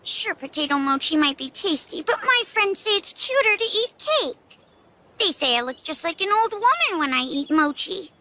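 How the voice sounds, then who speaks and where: A woman voicing an excitable, cheerful little village girl in an anime English dub, with a squeaky sing-song voice. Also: moderate pace, heavily acted. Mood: bubbly. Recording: soundtrack music behind.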